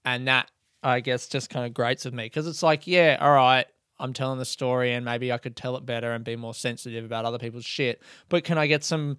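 A man's voice: mid-range voice, fairly even intonation, fairly quick, fairly bright tone, clear, resonant tone, no echo. A man hosting his own podcast in a casual solo monologue, talking in a candid, reflective and slightly self-mocking way into a close microphone. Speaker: comedian and podcast host.

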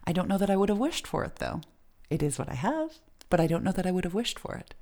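Chatty middle-aged woman with a lowish voice. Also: big pitch swings, fast, darkish tone. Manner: chatty, many fillers, laughs while telling. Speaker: guest. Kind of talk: casual interview storytelling.

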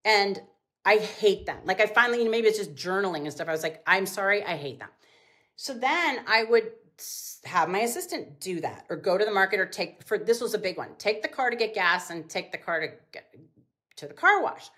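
A middle-aged woman, a business owner guest on a podcast, telling casual stories and acting out quotes with big jumps in pitch. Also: lively intonation, fairly quick, fairly bright tone. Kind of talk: casual storytelling in an interview.

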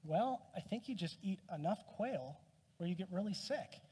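A male pastor preaching with a fairly high, slightly husky voice. He keeps it conversational and pokes fun at himself. His words ring out with a long hall reverb behind them. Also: lively intonation, normal speed, dark tone. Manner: conversational, self-deprecating humor. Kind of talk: sermon.

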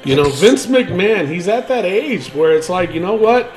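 Animated high-voiced wrestling podcast host. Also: male voice, moderate pace, soft background music. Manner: animated, rambling, swears freely. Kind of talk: casual wrestling chat.

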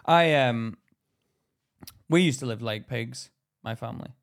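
A young man, co-hosting a casual podcast and telling stories in an animated way. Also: medium pitch, a little slow. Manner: animated storyteller, acts out voices loudly. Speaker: podcast co-host. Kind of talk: casual chat.

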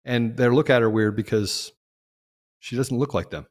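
Man, political show host, impassioned monologue, mid-pitched, long reverb. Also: moderate pace. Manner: emphatic, rising to loud peaks and dropping low. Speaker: podcast host.

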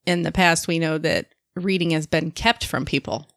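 Low-voiced woman co-hosting a podcast. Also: moderate pace, vocal fry, a bit bright, no echo, studio quality. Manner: friendly, conversational, tag questions. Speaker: podcast co-host. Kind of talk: casual podcast chat.

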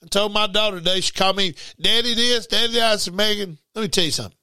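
With rapid-fire delivery, a middle-aged man gives his broadcast listeners a loose sermon that feels like conversation. His voice is high, bright, and forceful, full of repeated words and sudden shouts, recorded dry and close with no room sound.

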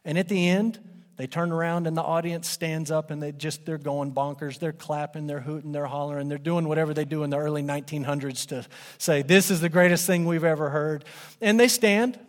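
A man preaching a sermon, emphatic, swinging between loud declarations and hushed, low lines. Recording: long hall reverb.

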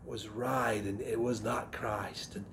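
A middle-aged man from the Southern United States giving a personal testimony in a sermon, earnest and reflective, often pausing and restarting his sentences. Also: lowish voice, steady tone, creaky, fairly bright tone, a little hiss or hum. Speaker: missionary speaker giving testimony.

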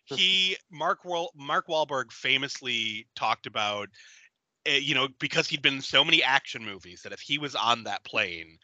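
A man co-hosting a podcast, recapping a movie in casual chat, animated and laughing often. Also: medium pitch, normal speed, no room sound. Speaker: podcast co-host.

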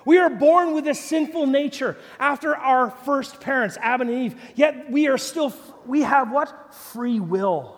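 A man preaching a sermon as pastor, animated, swinging from loud peaks to low quiet asides. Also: a little slow, hardly any pauses. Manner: animated preaching, rising to shouts then dropping low. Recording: long reverb of a large hall.

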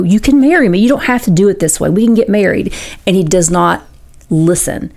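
A woman's voice: deep voice, gravelly, darkish tone. A woman hosting a faith radio talk show, earnestly retelling a story with many fillers and restarts. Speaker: host.

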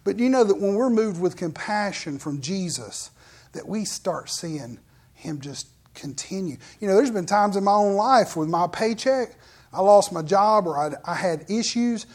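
A man preaching a sermon as pastor, telling stories in quick bursts that trail off quietly at the ends of phrases. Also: high-pitched, expressive.

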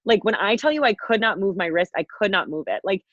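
Her medium-pitched voice is animated and fast as this young woman in her twenties, a podcast co-host, tells a story in casual conversation. She rambles, swears, and fills her speech with "like" and other fillers, and the audio is dull and dry with no room sound.

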